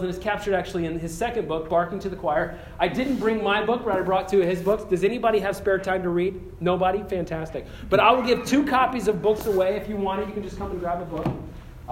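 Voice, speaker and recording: A man giving an earnest campus sermon, telling a story with frequent restarts and ending in a slow, quiet prayer. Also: high voice, slight background noise. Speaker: campus pastor. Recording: echoey room with faint ambience.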